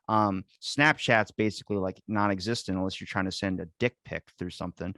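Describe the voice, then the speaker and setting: A man hosting a casual podcast chat, telling stories in an animated, profane way. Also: lowish voice, fairly quick, hardly any pauses, no room sound, studio quality. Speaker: podcast host.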